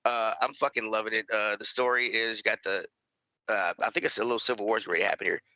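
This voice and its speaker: A man's voice: lowish voice, steady tone, fast talker, sharp tone, dry recording. A man co-hosting a podcast, speaking wryly with many hesitations and fillers. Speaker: podcast co-host. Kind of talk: casual podcast banter. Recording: slightly dull, lo-fi mic.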